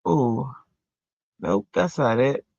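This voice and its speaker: A woman's voice: extremely low pitch, expressive, slow pace, vocal fry, a little mellow, husky, dry recording, lo-fi sound. A woman hosting a casual craft livestream from home, chatting to her viewers as she works. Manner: chatty, answers chat, breaks into sung bits. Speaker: livestream host. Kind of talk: casual livestream chat while card-making.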